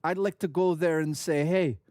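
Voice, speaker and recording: A man's voice: a little high, fairly even intonation, normal speed, darkish tone, dry recording, clean studio sound, close to an everyday voice. A man voicing a friendly neighbor who asks to share food, in an exaggerated, playful put-on accent.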